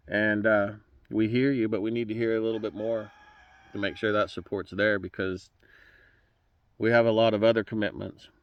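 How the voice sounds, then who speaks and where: Folksy guy, kinda emotional, lowish voice, fired-up candidate pitch, bit muffled recording. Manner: folksy, fervent, repeats words as he restarts. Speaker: political candidate. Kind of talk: direct-to-camera campaign address.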